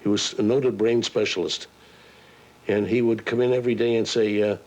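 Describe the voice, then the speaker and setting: A man's voice: on the low side, flat delivery, normal speed, a little mellow. An older man, a voice actor, telling chuckling stories in a casual interview and slipping into character voices. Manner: chuckling storyteller who slips into character voices. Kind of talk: casual anecdotal interview chat.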